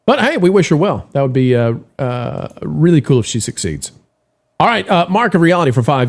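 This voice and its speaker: In a sing-song, fairly high voice and at a slightly quick pace, a man hosts a casual live-stream show. He rambles, reading viewer messages aloud amid fillers and restarts.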